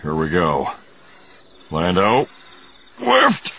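A man voices a gruff male smuggler in a storybook reading, low-pitched and curt. He grumbles through his lines with a sharp, bright edge and lively pitch. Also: normal speed, slight background noise, heavily acted. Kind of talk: audiobook narration.

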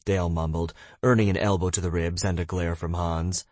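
A man narrating an audiobook in a measured, even way. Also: deep voice, dry recording. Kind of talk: scripted narration.

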